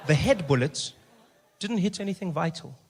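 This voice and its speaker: A male stand-up comedian, telling a story in an animated way and acting out scenes. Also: a little high, normal speed, a little hiss or hum. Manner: animated, acts out scenes, rising to shouts.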